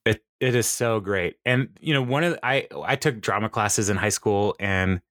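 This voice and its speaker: A man's voice: fairly low pitch, moderate pace, a bit bright, no echo, clean studio sound. A man co-hosting a podcast, recapping a TV episode in casual chat and laughing often as he retells scenes. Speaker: podcast co-host.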